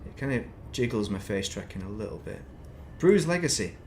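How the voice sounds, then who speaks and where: A man's voice: lowish voice, big pitch swings, fairly quick, dark tone, a little hiss or hum. A man chatting casually while playing a game on stream, rambling between topics with self-deprecating asides at his desk mic. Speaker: gaming streamer.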